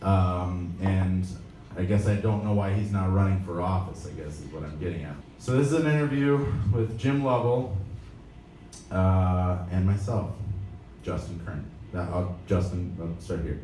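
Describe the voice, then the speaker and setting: A man reads his own essay at a pop-up event in a bar, casual and self-deprecating, with halting starts and fillers. He is picked up from a distance in a roomy space. A faint hum of the room sits behind him. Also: deep voice, dark tone. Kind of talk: live reading at a pop-up event. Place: bar or café, indoors. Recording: roomy live recording from a distance, faint ambience.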